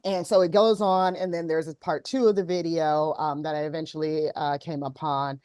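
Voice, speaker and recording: Woman host talking it through, lots of ums, lowish voice, dry sound. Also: steady tone, moderate pace, mellow, clear, resonant tone, dry recording. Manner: retells video with many ums and acted quotes. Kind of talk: casual chat.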